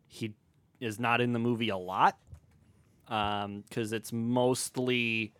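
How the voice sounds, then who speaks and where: A man's voice: mid-range voice, fairly even intonation, takes it slowly, a bit bright, smooth, dry recording. A man co-hosting a casual movie review podcast, making dry, sarcastic quips. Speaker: podcast co-host.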